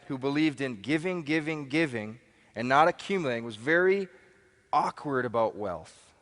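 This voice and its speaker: A man's voice: mid-range voice, a bit bright. A man giving a live motivational seminar talk, emphatic, repeating key phrases and putting questions to the audience. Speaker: motivational speaker. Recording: long hall reverb.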